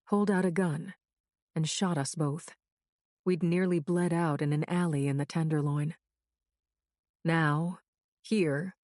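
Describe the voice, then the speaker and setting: A woman's voice: lowish voice, a little mellow, dry recording, studio quality. A woman narrating a crime thriller audiobook in the first person with a tense, urgent reading.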